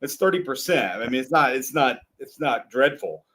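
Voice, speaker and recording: A man's voice: mid-range voice, expressive, normal speed, fairly bright tone, husky. A man co-hosting a sports podcast, talking casually about betting picks and games with a laid-back, rambling manner. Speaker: podcast co-host.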